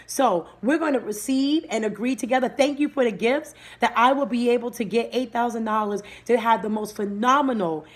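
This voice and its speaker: A woman hosting a live-streamed motivational talk, speaking energetically and breaking off to greet viewers by name. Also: on the high side. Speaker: livestream host and motivational speaker.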